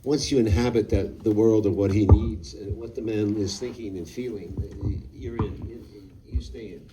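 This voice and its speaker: A film director talking at a live Q&A in a cinema, halting and full of fillers and restarts. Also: male voice, fairly low pitch, steady tone, mellow, recorded from a distance, a little hiss or hum, rough recording. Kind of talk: on-stage Q&A.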